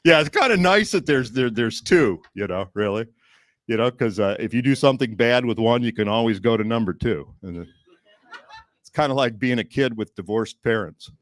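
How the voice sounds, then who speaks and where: A male stand-up comedian telling a story on a comedy club stage, rambling with restarts and bursts of shouting. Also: mid-range voice, lively intonation, moderate pace, dry recording, clean studio sound.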